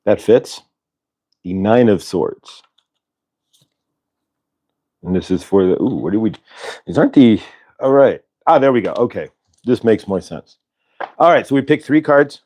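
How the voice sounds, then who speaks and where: A man hosting a casual spiritual livestream, reading cards and talking in a rambling, halting way with many fillers and restarts. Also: on the low side, expressive, a little mellow. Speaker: channeler and show host.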